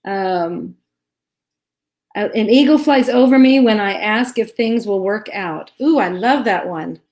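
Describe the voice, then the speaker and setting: A woman's voice: mid-range voice, lively intonation, measured pace. Chatty woman from Arkansas. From Arkansas, USA. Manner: warm, reassuring, laughs often. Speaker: co-host. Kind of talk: live Q&A chat. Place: home.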